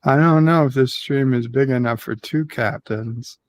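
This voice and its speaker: A man's voice: mid-range voice, normal speed. A man on a casual morning stream chat, wisecracking with dry humor.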